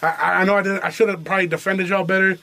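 High-voiced young man telling a story. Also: flat delivery, racing, pushed and bright. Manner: profane, slangy, laughing storyteller. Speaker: podcast host. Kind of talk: casual storytelling chat.

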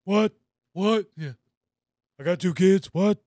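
A man putting on the voice of a brash male wrestler who barks short shouted bursts. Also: sits high, slow pace, no room sound, clean studio sound, voice pushed up. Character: brash loud male wrestler barking "What?".

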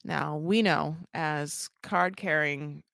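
A woman's voice: low voice, slow pace, vocal fry, fairly bright tone, no room sound. A woman in a casual podcast chat, rambling through a reality show recap. She slips into exaggerated voices to act out what the cast says. The sound is dry and close, with no room around it. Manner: rambling, acts out people's lines in exaggerated voices. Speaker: podcast co-host.

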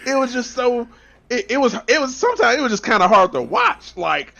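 A man, chatting excitably and casually about a wrestling show. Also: very high voice, fairly quick, vocal fry, lo-fi sound. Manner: excitable, animated retelling with profanity and laughter.

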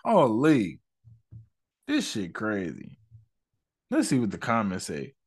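A young man giving casual reaction commentary, slang-heavy and profane, rambling fast and bursting into loud, animated rants. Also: husky. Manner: loud, profane and animated, swinging into high outbursts. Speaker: online commentator.

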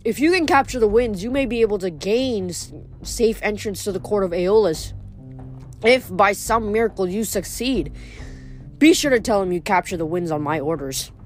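A woman's voice: mid-range voice, animated, normal speed, faint music behind, close to an everyday voice. Woman doing older male wind god, haughty, mocking, grand, amused. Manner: grand, mocking, relishes his power.

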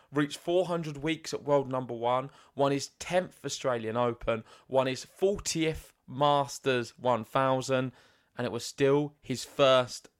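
A man's voice: medium pitch, no room sound, studio quality. A man co-hosting a podcast, talking about tennis in an emphatic, building way. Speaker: podcast co-host. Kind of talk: casual tennis chat.

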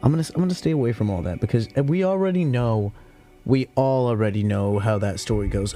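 A man's voice: mid-range voice, a little fast, dark tone, soft background music. A young man hosting a casual podcast, telling a crude story in a rambling way, full of slang and fillers. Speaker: podcast host.

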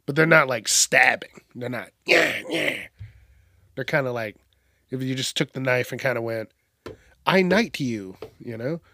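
Bright and forceful, this man's medium-pitched voice moves fairly quickly in a dry recording. He's a podcast host in the middle of a profane, mocking comedic rant, complete with whiny impressions.

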